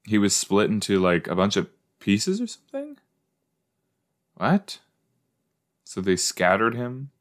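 A man's voice: fairly low pitch, wildly swooping pitch, unhurried, long pauses. A young man chatting casually as a podcast host reacting to a TV episode, rambling, playful and easily startled. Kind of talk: casual watch-along commentary.

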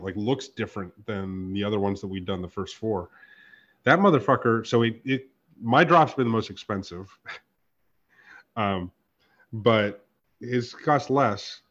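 A man's voice: mid-range voice, a bit bright. Man, podcast host, casual chat, swearing, acts out dialogue, muffled lo-fi audio. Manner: profane, storytelling with reenacted dialogue.

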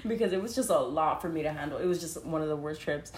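A woman's voice: deep voice, fast, a little mellow. A young woman telling a story casually, laughing often, saying "like" constantly and swearing freely. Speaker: podcast co-host. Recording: roomy echo.

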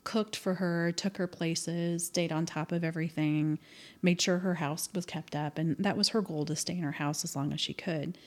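A woman from the American Midwest talks as a podcast guest. Her voice sits slightly low. She tells personal stories thoughtfully, pausing often and filling the gaps with hesitations. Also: steady tone. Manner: thoughtful, hesitant with many fillers. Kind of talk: casual storytelling interview.

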